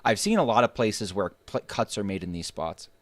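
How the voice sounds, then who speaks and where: A male streamer with a low voice and a dry, close sound hosts a casual game guide. He is blunt and joking, swears freely and restarts his sentences often. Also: lively intonation, brisk, dry recording. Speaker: streamer and host.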